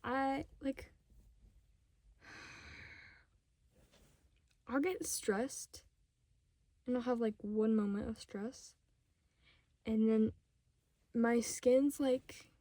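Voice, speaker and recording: A fifteen-year-old girl ranting casually to camera at home, rambling and sidetracked, talking fast in bursts and often dropping to a whisper. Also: fairly high pitch, warm tone, no room sound. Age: 15, teenager. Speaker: vlogger. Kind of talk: casual unscripted rant to camera.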